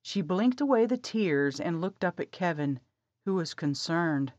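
A woman narrating an audiobook in a calm, measured way. Her voice sits low and her pace is slow. The recording is dry and slightly dull. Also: no room sound. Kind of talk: scripted narration.

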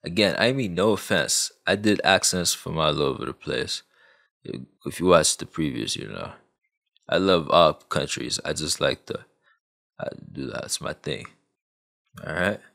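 A man tells a true story casually, rambling through fillers and side remarks. He speaks slowly with a gravelly grain, and his pitch moves a lot. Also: animated, fairly bright tone. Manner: rambling, lots of fillers and asides.

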